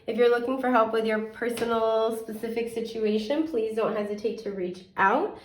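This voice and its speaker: A young woman giving a casual tarot reading in a chatty, gentle way, full of fillers, a little sniffly and now and then coughing. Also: fairly high pitch, normal speed. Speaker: tarot reader. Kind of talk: casual pick-a-card reading. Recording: echoey room, mic at a distance.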